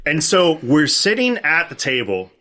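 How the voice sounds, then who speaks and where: Animated man telling a story. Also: a little slow. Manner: animated, jumps to high-pitched exclamations and voices for people in his stories. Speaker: podcast guest storyteller. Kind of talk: casual podcast storytelling.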